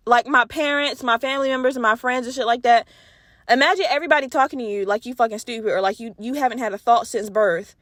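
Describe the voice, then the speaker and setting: A young woman hosting a casual solo podcast, talking candidly with lots of profanity and animated storytelling. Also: a little high, dry recording, clean studio sound. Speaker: podcast host.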